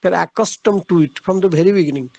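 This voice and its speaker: A man lectures on literature in a high-pitched voice with a rough, gravelly edge. He works through his points haltingly, filling gaps with "uh" and restating each idea. The sound is close and dry, with no room echo. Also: dark tone, muffled recording. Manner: halting, repeats key phrases, frequent "uh" pauses. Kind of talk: classroom lecture.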